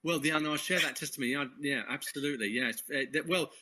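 A man's voice: fairly high pitch, fast talker, sharp tone. An English man talking as a guest, telling a faith story in a rambling, casual way, full of false starts and small laughs. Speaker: guest, Christian course leader. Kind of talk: casual testimony in conversation.

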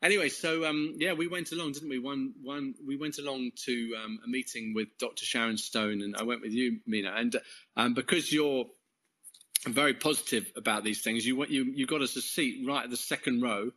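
Bright-voiced Englishman telling a rambling story. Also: medium pitch, a little fast, poor audio. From England. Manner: rambling, self-correcting storyteller who chuckles often. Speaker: course leader. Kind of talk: interview guest, testimony.

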